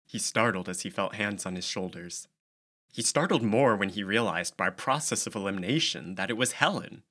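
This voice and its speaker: A man narrating an audiobook in a measured storytelling manner. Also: on the low side, expressive, sharp tone. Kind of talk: scripted narration.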